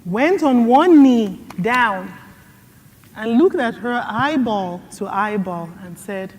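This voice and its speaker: A middle-aged woman speaks at a conference Q&A, telling stories with earnest conviction. Her voice sits a little high and she takes her time. A long hall reverb trails behind her words. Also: takes it slowly. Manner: earnest, storytelling with lively quoted asides. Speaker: guest speaker. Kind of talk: conference Q&A answer.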